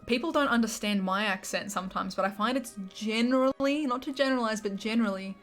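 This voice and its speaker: A woman's voice: a little high, soft background music. Bubbly Australian woman streamer chatting. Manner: chatty, bubbly, quick asides to chat. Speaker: gaming streamer. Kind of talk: casual chat with live chat while playing.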